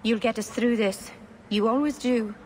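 A sweet, dreamy young elf woman from a video game, voiced by a woman. She muses hesitantly in a fairly high voice. A faint ambient hiss sits behind her. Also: fairly even intonation, normal speed, darkish tone, natural voice. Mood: wistful. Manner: hesitant, musing.

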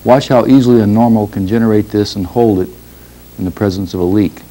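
A man teaching a class, explaining a lab demonstration in a measured way, pausing and clearing his throat now and then. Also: fairly low pitch, fairly even intonation, warm tone, a little hiss or hum, poor audio. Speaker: instructor.

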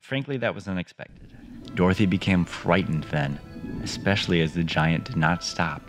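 A man reading a children's story aloud and breaking in with sarcastic, deadpan asides. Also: low-pitched, normal speed, music in the background. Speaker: reader and host. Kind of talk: audiobook reading with sarcastic commentary.

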